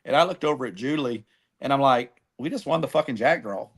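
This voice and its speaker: Middle-aged man, podcast guest, casual animated storyteller, average pitch. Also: brisk, slightly rough. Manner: animated, acts out phone calls. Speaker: guest, barbecue team cook.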